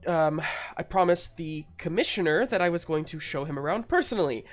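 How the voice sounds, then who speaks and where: A woman voicing a hurried, anxious woman character in a tabletop game, stammering and fretting. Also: low-pitched, expressive, soft background music. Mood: flustered.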